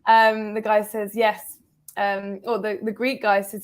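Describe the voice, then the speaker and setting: A woman's voice: medium pitch, little pitch movement, a little slow. A woman co-hosting a podcast, telling jokes and anecdotes in casual chat. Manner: joking, tells anecdotes. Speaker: podcast co-host.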